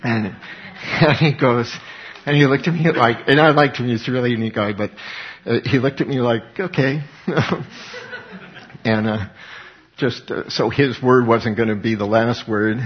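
A man preaching a conversational sermon in an earnest, folksy way, rising to emphatic bursts between softer stretches. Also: medium pitch, moderate pace. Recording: slightly dull lo-fi recording.

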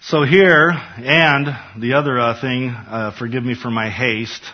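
A man's voice: medium pitch, fairly even intonation, measured pace, muffled recording. A man preaching a Bible study, building emphasis as he reads scripture aloud. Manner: emphatic, rising for scripture quotes. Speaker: pastor.

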